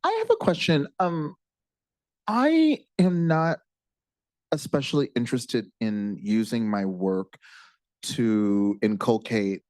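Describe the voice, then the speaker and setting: An American man, a writer and co-teacher, talking casually and emphatically onstage, swinging high and swearing. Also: expressive, slow pace, darkish tone, no room sound. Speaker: writer and co-teacher at a panel talk.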